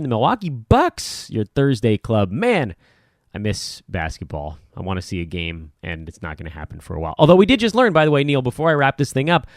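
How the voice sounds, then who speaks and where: A middle-aged man hosts a casual sports podcast, his pitch rising and falling in a lively way as he rambles along. He pokes fun at himself, and his voice sits close and dry with no room sound. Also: no room sound. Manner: lively, rambling, self-deprecating. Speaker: podcast host.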